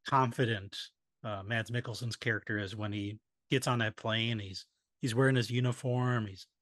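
A man co-hosting a casual movie podcast, agreeable and quick to chime in. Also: lowish voice, fairly even intonation, a bit bright, no room sound. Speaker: podcast co-host.

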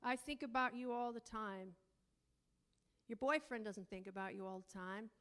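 A woman teaching a sermon on God as father, preaching emphatically and drawing out key words slowly, sometimes breaking into tongues. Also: on the high side, smooth. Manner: emphatic preaching, rising to near-shouting; speaks in tongues at times. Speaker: prayer teacher.

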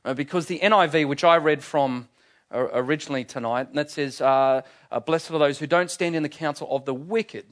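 A man preaching a sermon with earnest emphasis. His voice sits a little high for a man. He leans on key words and scatters fillers as he goes. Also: brisk.

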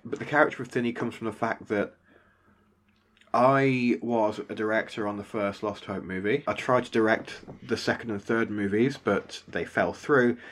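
A man with an English accent chats loosely on a podcast, his voice sitting fairly low. He rambles and laughs at himself, restarting his sentences as he goes. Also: slight background noise. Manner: rambling, self-deprecating, with restarts. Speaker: podcast co-host. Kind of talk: casual chat.

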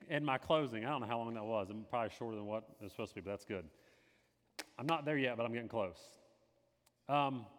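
An earnest man tells a personal faith testimony in a sermon-like way. He repeats key phrases and swings between hushed, quiet lines and emphatic bursts. His voice sits at an ordinary pitch and carries a long hall reverb. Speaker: lay speaker giving a testimony.

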